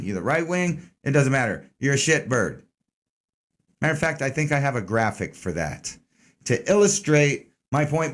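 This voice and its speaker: A man's voice: a little high, fairly bright tone. A man hosting an online news commentary stream, talking casually, sarcastic, rambling and full of swearing.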